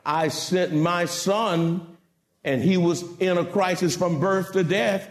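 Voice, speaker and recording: A male pastor preaching a sermon with dramatic swings, rising to shouts and calling out to the congregation. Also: sits high, animated, unhurried, reverberant.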